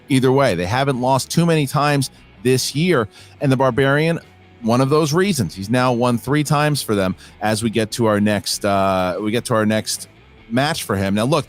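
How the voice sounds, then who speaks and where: A man hosting a competition show, giving upbeat post-match analysis in long runs of talk. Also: medium pitch. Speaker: show host.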